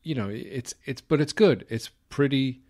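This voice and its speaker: A man's voice: medium pitch, measured pace, a little mellow. A man with an Irish accent hosting a podcast, talking casually and rambling, with fillers and swearing. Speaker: podcast host. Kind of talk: casual chat.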